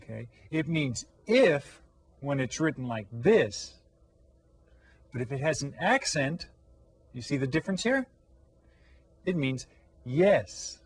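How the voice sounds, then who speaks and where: A man teaching an elementary language lesson, patient and encouraging, pausing to ask children questions. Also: medium pitch, sing-song.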